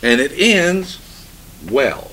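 Husky, lively-voiced male preacher. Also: fairly high pitch. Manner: reads scripture slowly and solemnly, then preaches with emphatic swells. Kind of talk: sermon with scripture reading.

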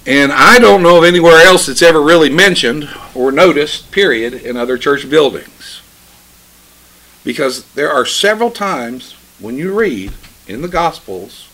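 A man preaching a sermon, reading scripture slowly and solemnly, then explaining it with emphatic swells in his voice. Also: fairly high pitch, lively intonation, bright, forceful tone.

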